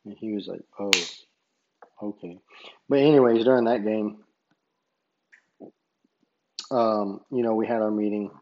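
A man's voice: on the low side, fairly even intonation, measured pace, long pauses, highs cut off, a little hiss or hum. A man who referees basketball, casually telling a story in a rambling way and retelling each exchange line by line. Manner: rambling, retells dialogue with many "I said".

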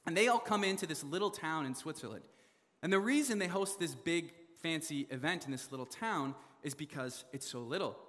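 A young man from Canada telling a funny story in a sermon, animated, laughing often and full of fillers. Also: a little high, brisk, long reverb tail. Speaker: preacher.

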